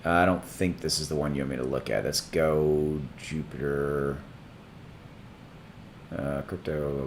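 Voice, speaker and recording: A man hosting a casual crypto livestream, rambling and thinking aloud while he looks things up, his voice starting to go hoarse. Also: a bass voice, fairly even intonation, a little slow, slight background noise. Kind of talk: casual live-stream chat.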